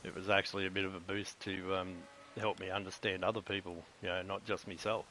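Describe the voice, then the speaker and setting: A middle-aged Australian man with a very low voice rambles through a blunt, swear-heavy monologue, retelling his own conversations. A steady hiss sits under the recording. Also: fairly quick, low-quality recording. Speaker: live streamer.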